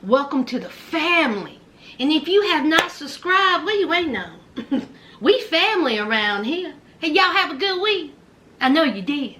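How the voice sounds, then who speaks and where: A woman vlogger giving loud, animated gossip commentary and calling viewers child and honey. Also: sits high, moderate pace, slight background noise.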